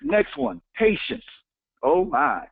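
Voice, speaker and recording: A man's voice: high voice, huge pitch swings, slow pace, gravelly, breathy edge, no echo. A man giving a motivational talk. He speaks emphatically, repeats key phrases and counts off his points. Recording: tinny phone-like, dry sound.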